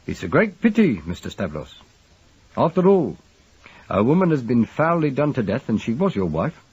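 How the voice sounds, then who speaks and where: A man voicing a kindly but blunt older police superintendent who speaks plainly and gruffly. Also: mid-range voice, sing-song, normal speed, darkish tone, no room sound, dull audio, voice pushed up. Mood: solemn.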